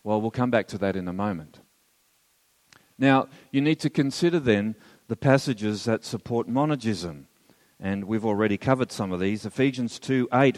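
A man's voice: mid-range voice, a little slow, a little mellow, in a large hall. A man teaching theology as a sermon, earnest and emphatic, with wry asides to his listeners. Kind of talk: sermon lecture.

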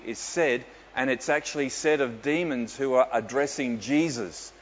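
A man's voice: mid-range voice, a little slow, few pauses, fairly bright tone. A man, a pastor telling stories with dry humour in a sermon. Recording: dull echoey hall with faint ambience.

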